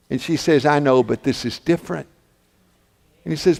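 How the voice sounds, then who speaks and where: Pastor guy preaching, high voice, tells the story all dramatic, big hall echo. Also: animated, normal speed, a little mellow. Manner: dramatic retelling, voicing characters in quotes. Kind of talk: sermon storytelling.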